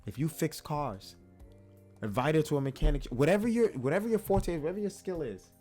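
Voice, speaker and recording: A man hosting his own vlog, telling a personal story in a chatty, animated way and acting out the voices of the people in it. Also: fairly high pitch, brisk, faint music behind. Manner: animated, chatty, acts out quotes. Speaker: vlog host. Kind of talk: casual storytelling monologue.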